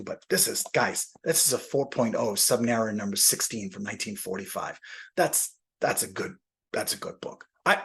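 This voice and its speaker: A man's voice: lowish voice, vocal fry, a bit bright, slightly rough. A man chatting casually as he unboxes graded comic books, thinking aloud and poking fun at himself. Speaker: comic book collector.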